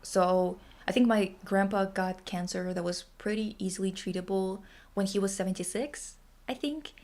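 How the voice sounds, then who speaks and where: A woman's voice: medium pitch, moderate pace, a little mellow. A young woman streaming and chatting casually, blunt and emphatic, with frequent swearing. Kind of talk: casual livestream chat.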